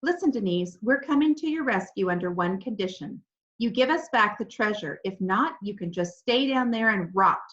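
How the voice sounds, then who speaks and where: A woman's voice: mid-range voice, animated, normal speed, fairly bright tone, natural voice. A woman reading aloud, voicing a firm, bossy young schoolboy who gives orders. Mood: stern. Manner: firm, commanding. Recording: dull lo-fi recording.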